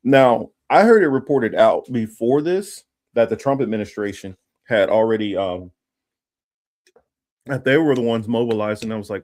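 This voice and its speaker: A Los Angeles-area man hosts a casual political livestream in a lowish, darkish voice at a moderate pace. He rambles, full of ums and restarts, and stops now and then to read news text aloud. The recording is dry and close, with no sense of room.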